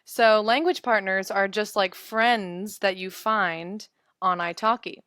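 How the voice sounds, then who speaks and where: A woman's voice: medium pitch, steady tone, slow pace, fairly bright tone, dry recording, studio quality. Giggly chatty young woman teacher. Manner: chatty, giggly, answers viewer comments. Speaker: English teacher. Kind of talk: casual live webinar chat.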